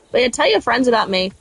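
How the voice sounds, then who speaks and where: A slightly high woman's voice with a breathy edge belongs to a South Australian let's play streamer. She talks casually with viewers during her game, chatty and rambling, answering comments from live chat.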